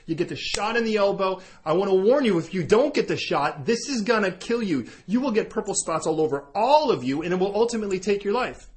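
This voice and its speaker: A man's voice: sits high, fairly quick, hardly any pauses. A man preaching a sermon, telling an illustrative story and acting out both sides of the dialogue. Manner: animated storytelling, switching between characters' voices. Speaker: pastor.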